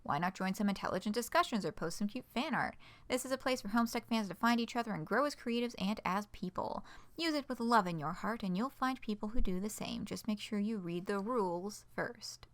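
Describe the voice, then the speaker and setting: A woman's voice: mid-range voice, expressive, fairly quick, fairly bright tone. Playful woman streamer reading aloud. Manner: playful, dry asides, frequent laughs. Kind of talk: reading a fan project announcement aloud with asides.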